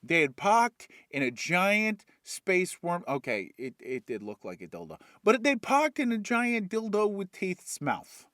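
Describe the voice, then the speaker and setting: A man retelling a movie plot for laughs, profane and animated, flipping in and out of character voices. His voice sits fairly high and swings widely in pitch. The sound is dry and close. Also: unhurried, few pauses, no room sound. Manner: animated, swearing, jumping into voices. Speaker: comedic storyteller.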